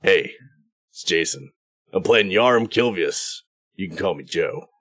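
A man playing in a tabletop game who introduces his character in a relaxed, offhand way with fillers. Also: sits low, measured pace, dry recording. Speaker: player.

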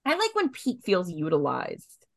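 Chatty woman hosting a podcast, lowish voice. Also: huge pitch swings, a little slow, vocal fry. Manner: chatty, filler-heavy, swears freely. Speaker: podcast host. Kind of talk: casual podcast recap chat.

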